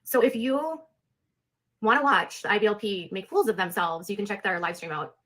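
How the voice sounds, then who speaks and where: A woman's voice: medium pitch, moderate pace, a bit bright. Chatty sarcastic woman streamer. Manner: chatty, filler-heavy, sarcastic. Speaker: live streamer. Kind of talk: casual chat.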